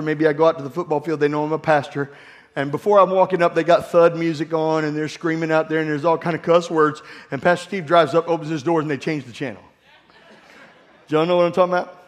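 A man preaching a sermon as pastor, calling for amens and telling funny stories about his family. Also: on the high side. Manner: call-and-response preaching with humorous family stories. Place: church sanctuary. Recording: long hall reverb.

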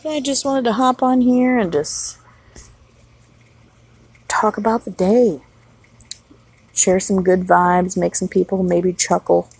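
A woman's voice: mid-range voice, fairly even intonation, slow, creaky, pauses often, darkish tone, breathy edge, low-quality recording. A woman in her thirties, a mother, talking outdoors at night in a blunt, heavily profane, rambling solo vlog monologue. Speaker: mother of young children.

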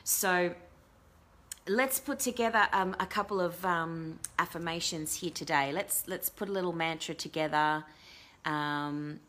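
A woman coaching viewers in a casual live talk, gentle and encouraging, rambling with many fillers as she reads out their comments. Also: on the low side, unhurried.

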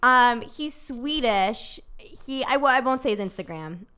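A young woman chatting on a podcast as a guest, telling dating stories with quick laughter and acted-out quotes. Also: on the high side, animated, pushed and bright, clear, resonant tone. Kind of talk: casual podcast chat.

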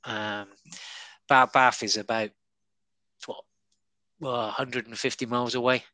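A man's voice: medium pitch, flat delivery, a little slow, bright, forceful tone, no echo, rough recording. A man, a comedian chatting casually and telling stories with many fillers and restarts. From Devon and Cornwall, England. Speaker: stand-up comedian. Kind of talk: casual conversation.

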